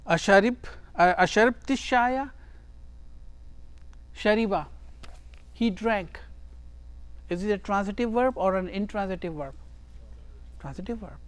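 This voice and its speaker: Patient grammar teacher, repeats key words, unhurried delivery, dead-dry sound. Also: mid-range voice, dry recording. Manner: reads a phrase, then translates and explains it step by step; repeats words and phrases for emphasis. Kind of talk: Arabic grammar lesson.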